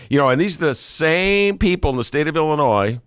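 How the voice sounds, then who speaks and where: A man's voice: on the high side, lively intonation, moderate pace, clean tone, dry recording, clean studio sound. A middle-aged man hosting a casual political show, wry and sarcastic with rambling asides. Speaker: podcast host.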